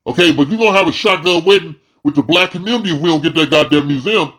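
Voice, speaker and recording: A man's voice: a little high, fast talker, fairly bright tone. A man commentating in a blunt, profane, heated casual rant. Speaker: video commentator.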